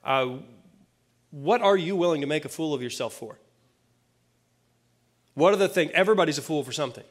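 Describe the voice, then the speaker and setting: A man with a somewhat high voice preaching a sermon. He talks to his listeners in a plain-spoken, conversational way and drops casual asides as he explains the scripture. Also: expressive, fairly quick, long pauses. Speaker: pastor.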